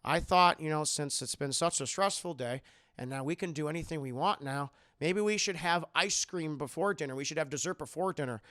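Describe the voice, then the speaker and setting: A man voicing a controlling middle-aged man who keeps a woman in his bunker, low and hushed with a creepily gentle tone that breaks into shouting. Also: brisk, no echo, studio quality, lightly acted. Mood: creepy sweet.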